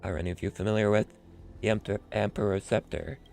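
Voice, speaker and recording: Deep and gravelly, this is a man doing a calm, formal robot scholar from a sci-fi game. He speaks in a measured, mechanical monotone with faint music underneath.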